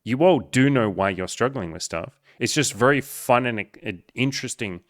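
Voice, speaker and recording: A man's voice: mid-range voice, animated, normal speed, no room sound, studio quality. A man who coaches on dating, talking bluntly and emphatically with lots of swearing as he answers a viewer.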